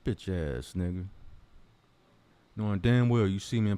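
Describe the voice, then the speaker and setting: A man's voice: fairly low pitch, unhurried, long pauses, dark tone, smooth, dry recording. A man ranting in a commentary vlog, confrontational and mocking, swearing heavily. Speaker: commentary vlogger.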